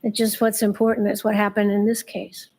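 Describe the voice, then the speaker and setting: A woman's voice: medium pitch, level tone, fairly quick, a little mellow, poor audio. A woman giving expert medical testimony in court, answering in a level, matter-of-fact way.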